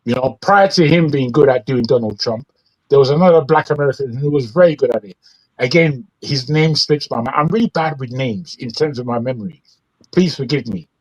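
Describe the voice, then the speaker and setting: A man's voice: mid-range voice, a little fast, highs cut off. A man hosting an opinionated news commentary show, talking in an indignant, rambling way with frequent restarts. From England. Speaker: host.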